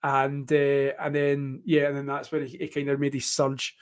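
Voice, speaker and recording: A man's voice: mid-range voice, monotone, moderate pace. A man with a Scottish accent hosting a casual live tennis watchalong, chatty and joking, rambling with plenty of fillers. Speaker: host.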